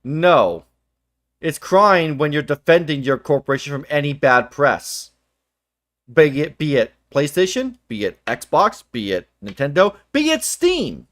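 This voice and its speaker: A young man on a livestream, his voice pitched high and swinging wildly as he rants. He swears freely and bursts out loud now and then. The sound is close and dry. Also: unhurried, no room sound. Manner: animated, profane ranting with sudden loud outbursts. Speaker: livestream co-host. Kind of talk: heated casual chat.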